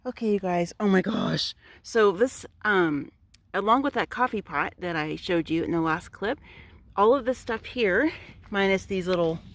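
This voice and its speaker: A woman vlogging outdoors in bright sun on a phone she holds in one hand, gushing with excitement as she talks her viewers through it. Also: fairly low pitch, slight background noise. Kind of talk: casual vlog while digging outdoors. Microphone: phone held in one hand.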